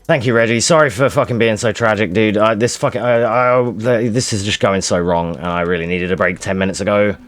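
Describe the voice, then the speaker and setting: A man giving frustrated, swear-heavy live commentary while speedrunning a game, muttering to himself and shouting at the game. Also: fairly low pitch, steady tone, brisk, few pauses, dry recording. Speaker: speedrunner streaming.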